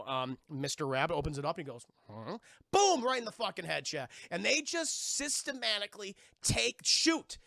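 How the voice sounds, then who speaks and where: A man streaming live, excitedly recapping a TV episode for his chat, profane and acting out the characters' lines. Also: sits high, vocal fry, no echo, clean studio sound. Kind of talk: animated live-stream recap with acted-out quotes.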